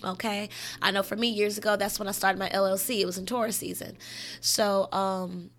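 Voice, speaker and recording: A woman hosts a casual spiritual podcast, speaking in a mid-range voice that is flat, fairly quick, and a bit bright. She rambles but stays direct, giving advice, saying "you know" often, and swearing now and then.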